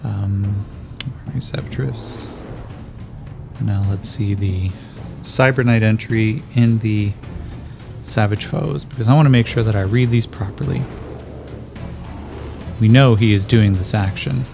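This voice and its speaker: A man's voice: on the low side, measured pace, gravelly. A man running a tabletop game as game master, thinking aloud as he checks the rules and narrates the scene. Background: faint background music.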